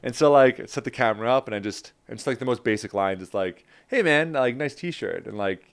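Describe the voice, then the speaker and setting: A man's voice: on the low side, fast talker, smooth. A man from New Jersey, a guest in a casual interview, telling stories and acting out his past remarks, with many "like"s. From New Jersey, USA. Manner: animated, acts out his own past lines, many "like"s.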